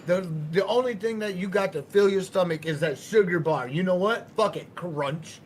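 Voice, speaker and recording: A man chatting casually on a livestream, telling stories with lively quoted voices. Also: sits high, moderate pace, slight background noise. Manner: storytelling, animated when quoting others. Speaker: streamer. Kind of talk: casual chat.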